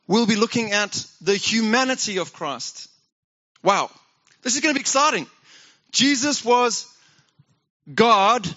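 A high-pitched man preaches a sermon in a chatty way. He keeps turning to the congregation with questions. His voice is bright and forward, on a slightly muffled, lo-fi recording. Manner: conversational, asks the congregation questions. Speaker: pastor.

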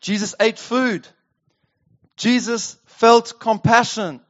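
A pastor preaching a sermon, reading scripture and talking it over conversationally with rhetorical questions. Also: male voice, very high-pitched, fairly even intonation, slow pace. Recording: dull lo-fi sound.

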